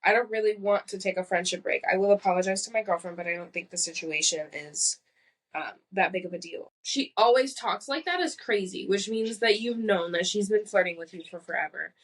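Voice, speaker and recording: A woman's voice: mid-range voice, fairly quick. A woman co-hosting a podcast in casual chat, reading posts aloud and reacting bluntly with incredulous, profane remarks. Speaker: podcast co-host.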